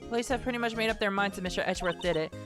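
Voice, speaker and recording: Woman doing a young male lawyer, calm, matter-of-fact, low, even delivery. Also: racing, music in the background, lightly acted. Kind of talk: voicing game dialogue while streaming.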